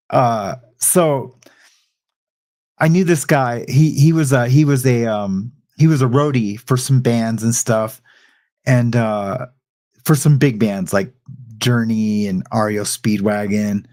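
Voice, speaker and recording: A man's voice: medium pitch, darkish tone. A middle-aged man hosting a livestream, chatting loosely with his audience and drifting into a rambling story. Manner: rambling storyteller, frequent restarts and asides. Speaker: livestream host. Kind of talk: casual chat with a live audience.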